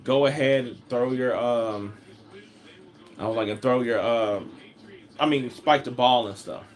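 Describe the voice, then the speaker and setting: Offering casual running commentary on a football game, a man speaks in a mid-range voice at a measured pace. He rambles in an animated, slangy style and keeps starting with "I was like."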